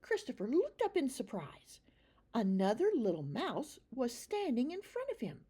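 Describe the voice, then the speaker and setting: A woman narrating a children's storybook in a slow, expressive read-aloud manner. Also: high voice, slightly rough.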